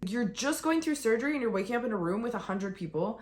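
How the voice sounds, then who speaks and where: A woman telling a raw, emotional personal story on a vlog, on the verge of tears, swinging between quiet and heated. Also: fairly high pitch, lively intonation, fast, reverberant. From United States. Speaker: vlogger.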